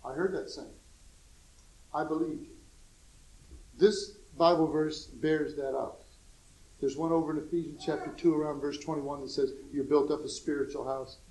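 A man preaching a sermon, swinging between soft low asides and loud emphatic exclamations, with folksy humor and chuckles at his own jokes. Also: fairly even intonation, normal speed, pauses often, poor audio.

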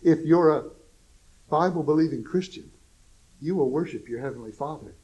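Male preacher, fairly high voice, folksy and emphatic, soft asides against loud exclamations. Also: normal speed, lo-fi sound. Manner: chuckles at his own jokes. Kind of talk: sermon.

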